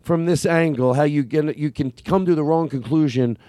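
A man with a Philadelphia accent hosts a loose conversation, circling his point and correcting himself as he goes. His voice sits a bit high for a man, and the sound is dry and close. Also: moderate pace, mellow, no room sound. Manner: rambling, self-correcting, swears freely. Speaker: podcast host. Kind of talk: casual chat.

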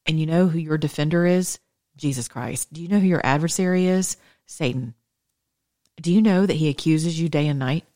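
A woman's voice: low voice, a little mellow. A woman hosting her own show, delivering a passionate, preachy monologue of religious political commentary. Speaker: show host.

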